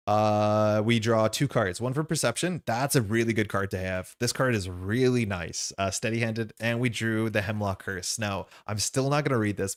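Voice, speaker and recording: A man playing a card game on stream, thinking aloud as he explains the rules and his choices in a casual way. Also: lowish voice.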